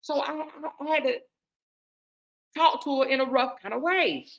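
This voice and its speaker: A woman host, casually telling a personal story in a candid, emphatic way, moving between hushed asides and loud stresses. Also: high voice, normal speed.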